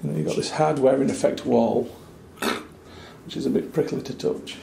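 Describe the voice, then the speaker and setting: At a normal speed and steady tone, a man with a mellow, mid-range voice and some vocal fry walks through a small hotel room for a travel review. He's chatty and wry, with dry asides, and the space sounds like an echoey small room with faint noise.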